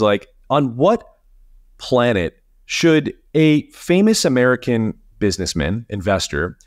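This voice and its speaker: A man co-hosting a podcast in casual chat, talking animatedly and swearing, his pitch jumping up when he gets indignant. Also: no echo, studio quality. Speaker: podcast co-host.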